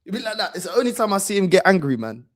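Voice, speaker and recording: A man's voice: high voice, big pitch swings, very fast. A man hosting a football channel, telling a story in a casual, slangy way and repeating phrases for emphasis.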